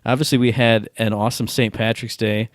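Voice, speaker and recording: A man's voice: medium pitch, little pitch movement, brisk, dry recording, clean studio sound. A man co-hosting a casual gaming podcast over a Skype call, wry and self-deprecating. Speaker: podcast co-host.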